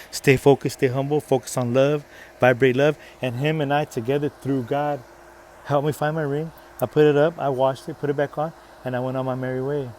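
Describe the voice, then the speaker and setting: Man, faith-based motivational monologue, preachy, repeating rallying phrases, mid-pitched voice, faint vehicle noise behind. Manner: energetic, swings between soft and loud. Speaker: motivational vlogger.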